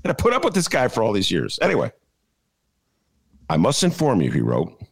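Brisk and husky with vocal fry, this man hosting a podcast has a mid-range voice that swings hugely in pitch. His talk is rambling comic chat, jokey and digressive, loaded with "uh"s and his own laughter at his jokes.

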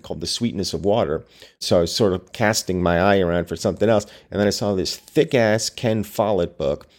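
A man's voice: low-pitched, darkish tone. A man reading a classic novel aloud and breaking off for wry, joking commentary. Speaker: reader and host.

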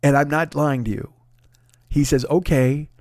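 A man telling a comic story casually, profane and animated, dropping low to retell a moment then rising in exasperation. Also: moderate pace, no room sound, clean studio sound. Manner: profane, animated, swings between hushed retelling and loud exasperation. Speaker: comedian storyteller.

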